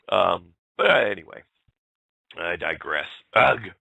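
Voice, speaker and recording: A man's voice: lowish voice, moderate pace, gravelly, sharp tone, no room sound, poor audio. A man hosting a talk show, ranting bluntly and heatedly. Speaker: show host.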